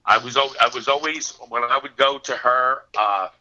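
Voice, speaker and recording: Appearing as a guest in a laid-back storytelling interview, this New Jersey actor has a bright, medium-pitched voice and a moderate pace. His anecdotes are animated and full of quoted voices. Muffled lo-fi audio carries slight background noise.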